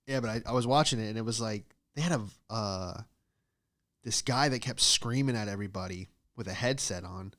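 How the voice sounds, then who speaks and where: Rambling American comic, smooth voice. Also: male voice, fairly bright tone. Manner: rambling storyteller, acts out quotes in squeaky high voices. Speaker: podcast host. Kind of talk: casual comedic monologue.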